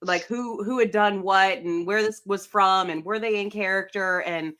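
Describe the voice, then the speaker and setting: Bright-voiced chatty woman co-host. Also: mid-range voice, moderate pace. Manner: chatty, excited storytelling. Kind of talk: casual chat.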